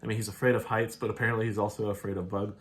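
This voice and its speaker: Guy rambling through an episode recap, kinda low voice, laughs a lot. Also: little pitch movement, very fast. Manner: rambling, laughs often, quotes characters offhandedly. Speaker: show host reviewing episodes. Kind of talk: casual recap and review.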